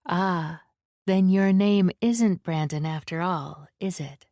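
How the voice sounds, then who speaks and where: A woman voicing a perceptive young woman held captive, who asks probing, gently teasing questions in a dry, close recording. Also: fairly low pitch, slow pace, dry recording. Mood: curious, teasing.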